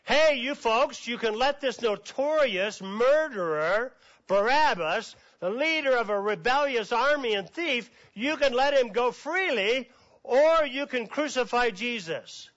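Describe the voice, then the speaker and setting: A man putting on a loud Roman governor calling out to a mob. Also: very high voice, lively intonation, unhurried, voice pushed up, full character voice. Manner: calling out to a crowd, coaxing. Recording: dull lo-fi sound.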